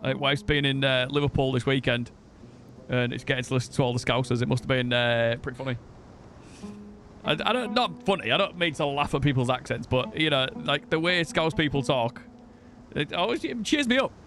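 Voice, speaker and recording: A man's voice: medium pitch, lively intonation, brisk, a bit bright, faint music behind. Chatty British man streaming a game. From United Kingdom. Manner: rambling, self-deprecating, swears casually. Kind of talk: casual live-stream chat.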